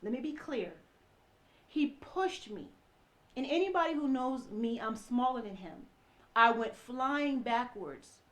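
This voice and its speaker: A woman's voice: a little high, expressive, normal speed, fairly bright tone. A woman in her thirties giving an earnest personal testimony, speaking directly to her listeners and often repeating herself as she recounts events. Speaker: ex-wife telling her story.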